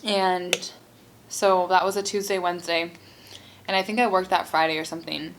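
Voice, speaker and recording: A woman's voice: lowish voice, fairly even intonation, normal speed, background noise. A young woman vlogger telling a casual storytime while eating, chatty and exasperated, with many "like"s. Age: young adult. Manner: chatty, heavy use of "like", exasperated.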